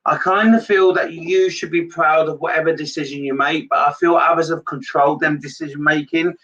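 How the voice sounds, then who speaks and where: Man, medium on a live stream, rambling and hesitant, bright-edged voice, dull far-off mic. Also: fairly high pitch, steady tone, a little fast. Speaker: psychic medium. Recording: dull lo-fi sound from a distance.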